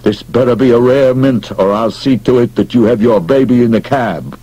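A man's voice: mid-range voice, moderate pace, warm tone, breathy edge, dry recording, voice pushed up, close to an everyday voice, poor audio. A man doing a sarcastic cab driver. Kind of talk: audiobook character voice.

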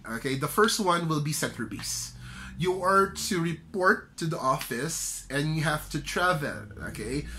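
A man's voice: on the high side, lively intonation, measured pace, pushed and bright, a little hiss or hum. A middle-aged Filipino man giving loose, chatty career tips, often checking in with "okay?". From Philippines. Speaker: career trainer. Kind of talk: casual instructional vlog.

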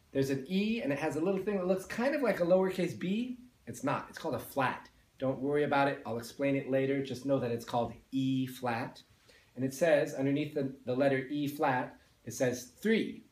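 In this patient beginner instrument lesson, a male music teacher walks band students through each step, counting and singing the notes as he goes. His pitch is medium and his tone somewhat dark, heard in a roomy space.

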